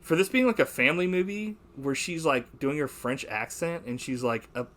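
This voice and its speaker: A man's voice: a little high, lively intonation, normal speed, a bit bright. A young man hosting a podcast, chatting casually about a movie, rambling, swearing and laughing as he quotes lines. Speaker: podcast host.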